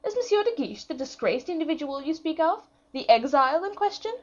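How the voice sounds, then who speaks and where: A woman voicing a proud, coy young princess in an audiobook, pitching her voice up with arch, feigned surprise. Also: sing-song, a little fast, muffled recording.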